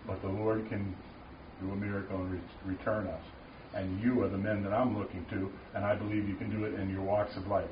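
A man's voice: fairly low pitch, level tone, fairly quick, roomy sound. Emphatic male lay preacher, muffled distant recording with faint noise. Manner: passionate, emphatic, rising to loud declarations. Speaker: Christian speaker at a men's gathering. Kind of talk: informal preaching talk. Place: room with a small audience.

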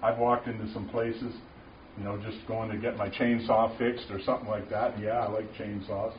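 At a men's gathering, a male Christian speaker preaches informally to a small audience in a room, speaking passionately and emphatically and often building to loud declarations. His voice is lowish, flat in delivery and at normal speed. The recording is distant, roomy and muffled, with faint noise.

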